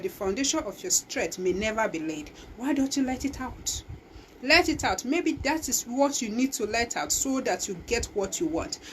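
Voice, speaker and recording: A woman's voice: medium pitch, poor audio. Woman hosting a pep talk, emphatic and pushy, lots of restarts, a bit of background hiss. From Nigeria. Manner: emphatic, exhorting, with many restarts. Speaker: talk show host. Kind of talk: motivational talk.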